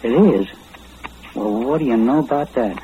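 A man's voice: medium pitch, lively intonation, normal speed, natural voice. A man playing a shy, stammering poor young man. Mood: humble. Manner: hesitant, stammering, polite. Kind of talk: old-time radio drama. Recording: dull lo-fi old radio recording with hiss.

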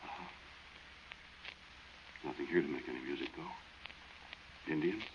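Very deep, gravelly storyteller. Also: male voice, expressive, noisy background. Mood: scared. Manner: slow, earnest storytelling. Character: man recalling a spooky night in the desert. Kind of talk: 1940s radio acting. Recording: lo-fi old radio broadcast.

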